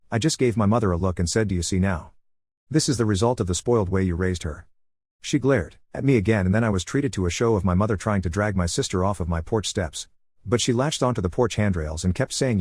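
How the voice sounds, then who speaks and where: A man narrating a first-person story in a brisk, matter-of-fact manner. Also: on the low side, a little mellow, dry recording, clean studio sound. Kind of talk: scripted narration of a reddit story.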